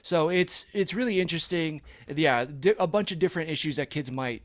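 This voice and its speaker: A man's voice: fairly high pitch, a little fast. A man co-hosting a casual pop-culture podcast, recapping a show eagerly with plenty of fillers. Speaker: podcast co-host. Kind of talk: casual chat.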